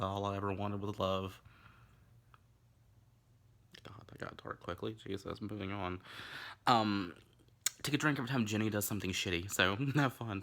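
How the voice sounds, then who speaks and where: A man's voice: on the low side, sharp tone. A man from Tennessee, hosting a camp, rambling, crude comic drinking-game video from his bedroom. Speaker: vlog host. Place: bedroom at home.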